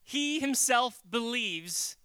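A preacher giving a casual, animated sermon, jumping into acted quotes and joking with the congregation. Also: medium pitch, slow, smooth, dry recording. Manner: animated, acts out quotes, jokes. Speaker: pastor. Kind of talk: conversational sermon.

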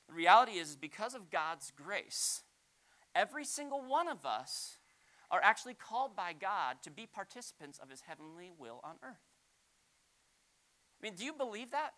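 A male pastor preaching a sermon, animated, swinging from loud exclamations to quiet asides. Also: sits high, normal speed.

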